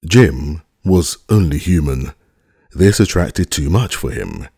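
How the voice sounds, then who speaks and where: A male audiobook narrator with a very deep, husky voice tells the story in measured, expressive scripted narration. The recording is close and dry, with no room sound. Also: dry recording.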